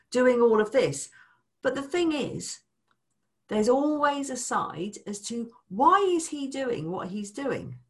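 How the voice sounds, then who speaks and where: A woman talking as a money coach in a casual chat, animated, acting out people's voices and swearing casually. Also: fairly high pitch.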